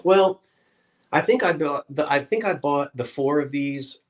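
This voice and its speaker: A man's voice: on the high side, animated, unhurried. A man co-hosting an antiques show, chatting casually and explaining vintage glassware in detail.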